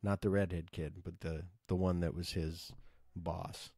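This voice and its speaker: Deep, dark-voiced man telling rambling stories. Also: flat delivery, measured pace, slightly rough, dry recording, studio quality. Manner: rambling, profane, lots of fillers. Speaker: podcast host. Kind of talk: casual podcast storytelling.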